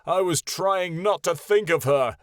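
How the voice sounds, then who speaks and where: A man's voice: lively intonation, measured pace, no echo, clean studio sound, natural voice. A man voicing a furious, bitter male dragon. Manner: booming, furious shouting. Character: proud angry male dragon, bitter and wounded.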